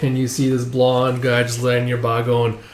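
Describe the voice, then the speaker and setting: In a mid-range voice with a completely flat delivery, a commentator recaps a comic page by page at a normal speed. His retelling is loose and full of filler, and the recording has a roomy echo.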